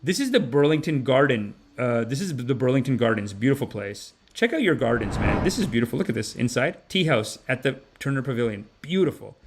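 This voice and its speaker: A man in casual vlog storytelling, rapid and animated, with quick restarts as he talks. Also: mid-range voice, noisy background. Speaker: comedian and podcast host.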